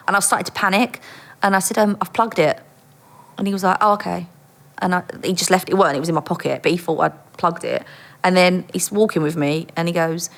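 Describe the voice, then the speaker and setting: A woman with a slightly low voice tells a story as an interview guest. She is a former undercover police officer and talks with bright energy, throwing herself into the quoted lines and laughing often. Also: fairly even intonation, fast. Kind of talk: animated anecdote telling.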